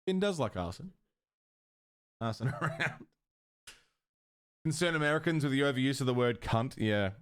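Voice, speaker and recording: A man's voice: mid-range voice, lively intonation, normal speed, pauses often, smooth. A man from Australia with an Australian accent, a live streamer chatting casually with his viewers in a joking, sweary way.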